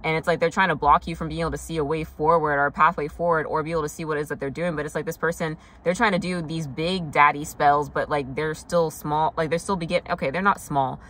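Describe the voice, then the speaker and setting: A woman's voice: low-pitched, fairly even intonation, fast, few pauses, fairly bright tone. A young woman doing a casual tarot reading, talking loosely with lots of fillers and frank swearing. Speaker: tarot reader.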